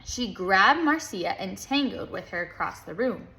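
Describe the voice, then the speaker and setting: A woman reading a children's book aloud in a lively, playful way, chanting the rhythm sounds. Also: medium pitch, unhurried, few pauses. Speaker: storybook reader.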